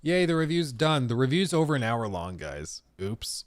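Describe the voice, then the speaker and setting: On a live stream, a man rambles casually while reading and answering viewer messages, reacting to chat and restarting often. His voice is medium-pitched and very animated, at a moderate pace, with a dry recording.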